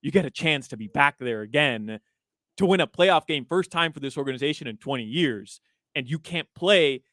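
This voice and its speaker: A man's voice: fairly high pitch, expressive, normal speed, fairly bright tone, no room sound, studio quality. A man hosting sports radio, talking through his points and often checking for agreement. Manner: reasoning, asks for agreement with "right?". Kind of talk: casual sports talk. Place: radio studio. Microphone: studio microphone.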